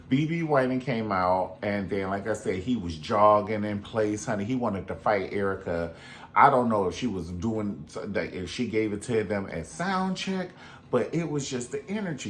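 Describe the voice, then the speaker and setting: A man hosting his own casual commentary, sassy and animated, tossing in curse words, calling people honey and mimicking voices. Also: lowish voice, a little hiss or hum. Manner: strong cusses and "honey" asides. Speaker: show host.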